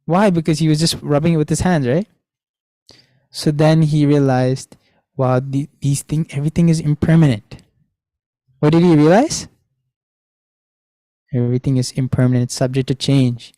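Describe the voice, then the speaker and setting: A man's voice: a little high, steady tone, moderate pace, long pauses, warm tone, no echo, rough recording. A young man teaching children an online class, telling a story and asking them questions, repeating the key lines. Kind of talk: storytelling lesson to kids.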